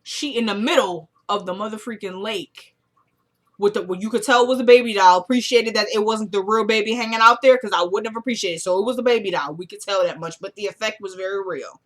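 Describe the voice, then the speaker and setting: A woman giving a casual, animated recap of a TV episode as a reviewer, telling the story in colloquial speech and acting out the characters' lines. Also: mid-range voice, brisk.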